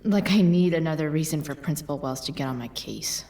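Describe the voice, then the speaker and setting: Snarky teen girl in a game, lowish voice, dry; set back with faint ambience. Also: brisk, vocal fry, dark tone, distant mic. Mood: sarcastic. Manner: sarcastic, dry. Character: rebellious sarcastic teenage girl. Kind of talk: video game dialogue.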